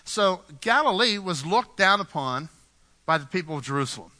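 A man's voice: sits high, animated, moderate pace, bright, forceful tone. A man from Pittsburgh preaching a sermon as pastor, talking conversationally, repeating words and asking the congregation questions.

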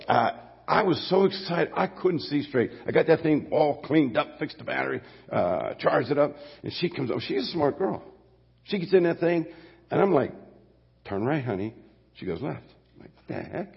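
A man's voice: mid-range voice, creaky, slightly rough. An older man preaching a sermon as pastor, folksy and rambling, often correcting himself mid-sentence. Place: church sanctuary. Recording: dull long-reverb church sound.

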